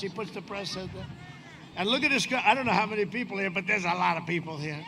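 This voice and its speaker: At a windy outdoor rally, a politician in his seventies gives a boastful, rambling campaign speech laced with sarcastic asides. His voice is high-pitched, fast, and creaky.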